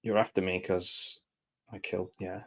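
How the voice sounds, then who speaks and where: Low-voiced man chatting over a film. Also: little pitch movement, normal speed. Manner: chatty, reacting aloud, drops into quiet mumbled asides. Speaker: film commentator. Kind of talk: casual live film commentary.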